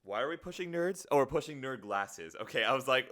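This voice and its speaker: A man's voice: mid-range voice, sing-song, fairly quick, pushed and bright. A man streaming live in casual chat, rambling in a playful, self-deprecating way.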